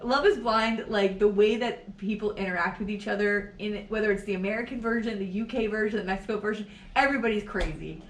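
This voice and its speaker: A middle-aged woman co-hosting a podcast in casual chat, animated, swearing freely and laughing often. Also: medium pitch, quick pace, hardly any pauses. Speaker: podcast co-host. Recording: echoey room, distant from mic.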